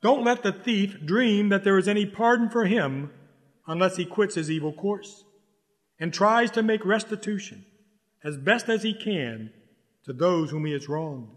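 Urgent high-voiced man preaching in a hall. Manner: urgent, exhorting, repeats key lines slowly for stress. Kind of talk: sermon.

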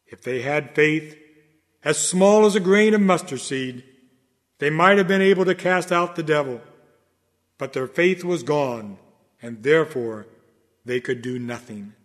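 A high-pitched male preacher delivers a sermon with dramatic oratory. His voice swings from ringing proclamations to hushed low phrases. A long reverb trails each line, as in a large hall. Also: a little slow, long pauses.

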